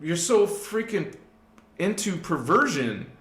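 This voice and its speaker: Guy doing a live spiritual talk, kinda high voice, preachy and emphatic, echoey room. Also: sing-song, takes it slowly. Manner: emphatic, swings from hushed to loud; preachy, addresses listeners directly. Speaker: spiritual channel host.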